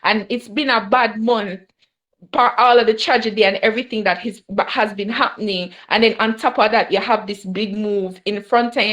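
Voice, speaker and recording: A woman's voice: medium pitch, steady tone, moderate pace, a bit bright, highs cut off. A young woman with a Jamaican accent, sharing an emotional personal testimony at a Bible study and mixing patois with English. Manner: mixes Jamaican patois with English, laughs often.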